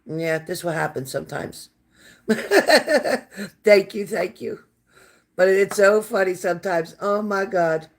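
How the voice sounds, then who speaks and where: A woman with a raspy, low smoker's voice and a sore throat, hosting a casual livestream and warmly thanking viewers by name. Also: slow, pauses often. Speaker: livestream host reading viewer comments.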